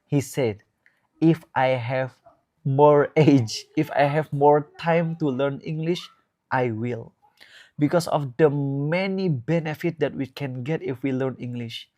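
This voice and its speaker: Male Islamic teacher, Indonesian accent, unhurried drawn-out delivery, friendly guest tone. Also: medium pitch, a little mellow. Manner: measured, drawn-out emphatic phrasing with frequent restarts. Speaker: ustadz guest giving advice. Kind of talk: relaxed preaching talk.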